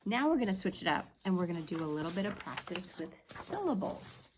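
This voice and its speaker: In a lowish, sing-song voice, a woman teaches young children phonics for early reading, sounding out each word slowly, clearly and patiently. Background noise can be heard.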